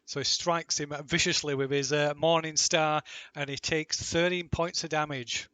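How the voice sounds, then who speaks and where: Dry-sounding male game master, halting. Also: a little high, fairly even intonation, bright, forceful tone, no echo. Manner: halting, full of ums and restarts while checking rules. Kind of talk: running a tabletop game.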